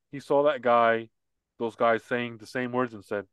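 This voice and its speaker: A man's voice: mid-range voice, fairly even intonation, normal speed, a bit bright, smooth, no echo. A man co-hosting a casual political podcast, talking in a heated, repetitive rant. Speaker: podcast co-host.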